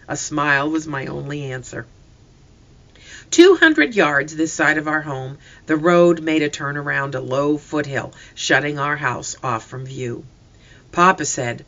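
An expressive audiobook narrator reads a first-person family story. The voice is bright and clear, with lively, wide-ranging pitch. The delivery is steady and scripted. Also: measured pace, lo-fi sound. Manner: expressive reading.

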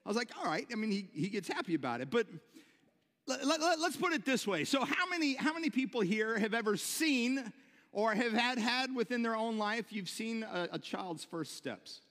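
A man preaching a sermon to his church, animated, repeating words and shouting when excited. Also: extremely high pitch, normal speed, in a large hall. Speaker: pastor. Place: church sanctuary.

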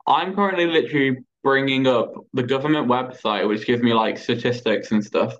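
A man's voice: medium pitch, brisk, muffled recording, slight background noise. A teenage boy hosting a casual podcast chat, playful and chatty. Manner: chatty, playful, says "blah blah". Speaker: podcast host.

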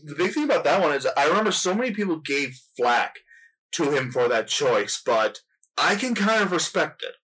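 Animated man in a casual movie chat. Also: fairly high pitch, normal speed, husky, rough recording. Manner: animated, voice jumps up when making a point. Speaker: podcast co-host. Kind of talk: casual film discussion.

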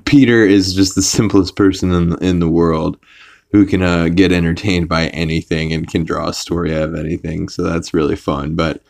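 A man hosting a podcast, casually recapping a cartoon episode in a rambling way with fillers and quick put-on voices for quotes. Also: low-pitched, little pitch movement, gravelly, a little mellow. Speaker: podcast host.

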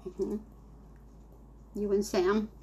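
A woman's voice: mid-range voice, little pitch movement, very slow, darkish tone, muffled recording, a little hiss or hum. A middle-aged woman, a mother, chatting playfully at the family dinner table, laughing often and slipping into silly voices. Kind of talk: casual family chat.

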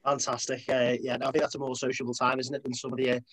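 A man's voice: medium pitch, level tone, fast talker, a bit bright, rough recording. A man hosting a casual interview, asking long, rambling, friendly questions. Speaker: podcast host.

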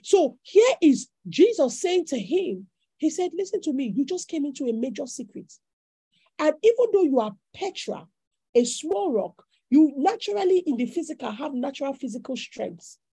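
High-voiced woman preaching emphatically. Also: sing-song, moderate pace, creaky, dark tone, dry recording. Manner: emphatic, repetitive preaching cadence. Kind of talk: sermon.

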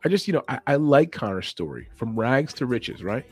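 A man's voice: medium pitch, expressive, fairly quick, darkish tone, slightly rough, soft background music. A man hosting a podcast in a casual opinion chat, rambling, opinionated and chuckling as he talks. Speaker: podcast host.

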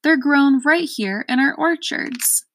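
A woman's voice: high voice, slow, a bit bright, dry recording, voice pushed up, full character voice, rough recording. A woman doing a pompous, impatient royal minister. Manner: formal, lecturing.

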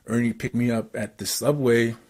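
A man from Canada telling a story in casual chat, excitable and rambling with lots of fillers. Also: mid-range voice, normal speed.

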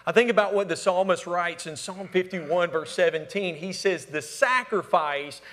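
A man preaching a sermon as pastor, asking the congregation to fill in words and swinging between emphatic calls and hushed, near-whispered lines. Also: high voice, steady tone, moderate pace. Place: church sanctuary. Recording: long hall reverb.

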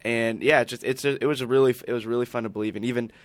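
A man in a casual podcast chat, telling a story in a relaxed way with lots of fillers. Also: medium pitch, very fast, no echo.

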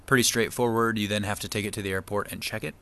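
Low-voiced man telling a story. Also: fast, slight background noise. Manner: chatty, relaxed, acts out quoted people. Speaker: vlogger eating on camera. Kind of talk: casual storytelling to camera.

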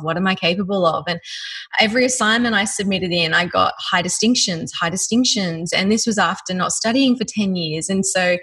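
Husky, bright Australian woman. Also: mid-range voice, rough recording. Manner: lively, laughs often while telling her story. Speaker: guest telling her story. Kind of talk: personal storytelling.

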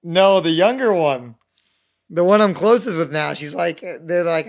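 A man's voice: fairly high pitch, unhurried, gravelly. A young man telling rambling, self-mocking stories in a casual chat, acting out the voices of people he quotes. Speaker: podcast guest telling stories.

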